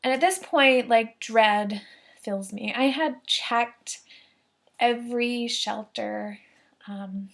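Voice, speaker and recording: A young adult woman telling a personal story, lively and full of "like" fillers, acting out the people she quotes. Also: on the high side, takes it slowly, gravelly. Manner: animated, many "like" fillers, acts out quoted voices. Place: Columbus, Ohio area.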